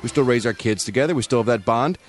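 A man's voice: medium pitch, quick pace, soft background music. A man hosting a radio show, reading entertainment news in wry, joking casual banter with frequent laughs.

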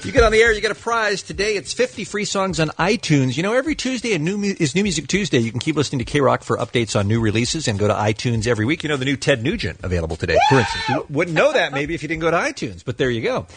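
Lively radio morning show host, man. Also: on the high side, quick pace, few pauses, faint music behind. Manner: playful, leads the interview. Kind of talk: casual radio banter.

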